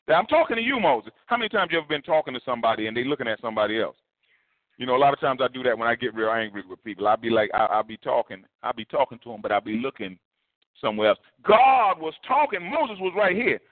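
Male pastor preaching with a swooping, lively delivery and a slightly high voice, heard over a tinny phone-like line. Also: a little fast, dry recording. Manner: animated, repetitive, conversational preaching. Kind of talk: sermon.

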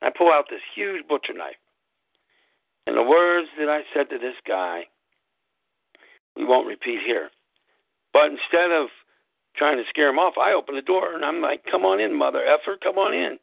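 A man hosting a show, telling a personal story in a slow, deliberate way and spelling things out letter by letter. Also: on the high side, lively intonation, creaky, no echo. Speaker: podcast host. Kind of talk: casual storytelling monologue. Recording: tinny phone-like line, dry.

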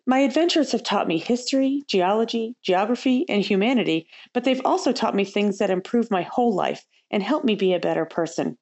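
A woman's voice: medium pitch, lively intonation, fairly quick, hardly any pauses, darkish tone. Upbeat woman hosting a travel podcast. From United States. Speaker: podcast host. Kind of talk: scripted travel podcast narration.

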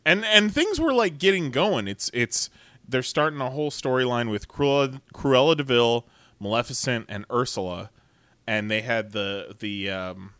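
A man chats on a podcast with a bright, forceful tone, ranting and swearing freely and laughing often. The sound is dry and close, with no room around it. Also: mid-range voice, smooth, dry recording. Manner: profane, animated ranting with frequent laughs. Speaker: podcast co-host. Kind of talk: casual chat.

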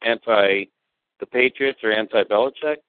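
A man's voice: fairly low pitch, moderate pace, no room sound. A man co-hosting a casual sports podcast, speaking hesitantly with fillers. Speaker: podcast co-host. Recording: tinny phone-like line.

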